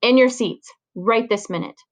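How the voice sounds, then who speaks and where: A woman voicing a stern schoolteacher in a children's story reading, speaking slowly and firmly. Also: on the high side, lightly acted. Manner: stern, deliberate.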